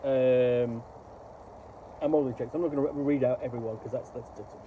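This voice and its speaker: A middle-aged man giving casual, rambling, halting commentary while unboxing a book. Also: medium pitch, fairly even intonation, phone-quality sound, slight background noise.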